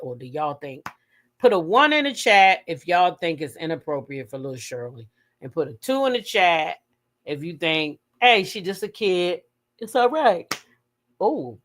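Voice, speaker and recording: Chatty woman livestream host, lower register, very expressive pitch, profane, reacts loudly to viewers. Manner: animated, profane, bursts into high shrieks when retelling her reactions. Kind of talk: casual gossip livestream, reading and answering chat.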